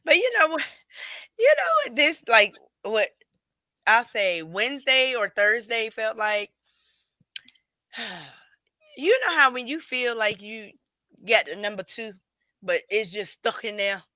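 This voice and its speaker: A woman co-hosting a podcast in casual chat, playful and animated, often laughing. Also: on the high side, slow pace, long pauses, dry recording. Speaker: podcast co-host.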